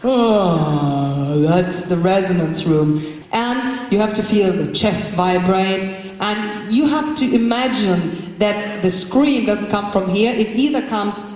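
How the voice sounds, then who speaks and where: A woman teaches a vocal workshop to a group in a large hall, talking through technique in an instructive way and breaking into loud shouts and growls to demonstrate. Her voice sits at a middle pitch for a woman. The recording is heavily reverberant, with a long hall echo, as if picked up from across the room. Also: slow pace. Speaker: vocal coach leading a workshop. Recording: very echoey hall from a distance.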